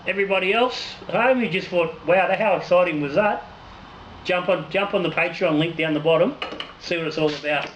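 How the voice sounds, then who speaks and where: A man's voice: high-pitched, a little fast, fairly bright tone. A man, a home brewer hosting his own channel, drawing raffle winners and chatting casually, joking and swearing freely. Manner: jokey, swears casually, trails off and restarts. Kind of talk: casual raffle draw and brewing chat. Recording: echoey room with noticeable noise.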